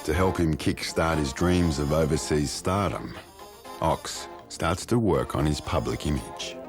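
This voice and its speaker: A man giving slow, measured scripted documentary narration. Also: a bass voice, over music.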